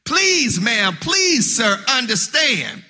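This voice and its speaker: A male pastor delivering a funeral sermon, with rhythmic preaching that swells into shouted, sung cadences and words repeated as he starts his phrases, in a church sanctuary. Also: extremely high pitch, expressive, measured pace, soft background music. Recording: long hall reverb.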